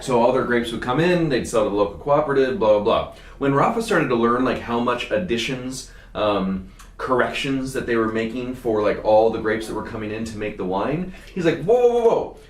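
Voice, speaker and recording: A man's voice: mid-range voice, brisk. A man hosting a wine tasting show, chatting casually in a jokey, rambling way with plenty of fillers. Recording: roomy sound from a distance.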